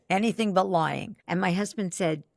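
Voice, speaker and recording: Gravelly, emphatic older woman. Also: fairly low pitch, dry recording, studio quality. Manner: emphatic, acts out dialogue, quick asides. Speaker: podcast guest, belief expert. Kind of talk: animated storytelling in conversation.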